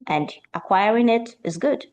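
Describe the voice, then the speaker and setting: A woman leads a pronunciation lesson as an accent coach. She speaks with lively energy and stretches key words out slowly to stress them. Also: on the high side. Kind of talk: teaching an online pronunciation lesson.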